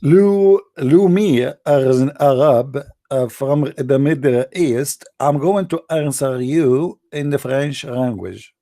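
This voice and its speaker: An actor playing a boastful, rambling mock preacher with an Arabic accent, in a satirical livestream monologue. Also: male voice, medium pitch, slow pace, few pauses, dark tone. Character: mock-pompous self-styled male preacher, middle-aged.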